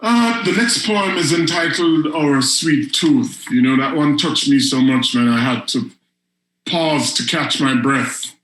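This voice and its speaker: A man hosting an online poetry show, reading his own spoken word poems in a slow, emphatic delivery that leans into repetition. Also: fairly high pitch, fairly bright tone, reverberant, rough recording. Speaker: host and poet.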